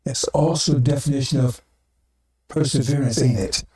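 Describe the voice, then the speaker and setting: A man's voice: mid-range voice, fairly even intonation, normal speed, darkish tone, echoey room, recorded from a distance. A man preaching a sermon to the congregation in a blunt, profane, repetitive way.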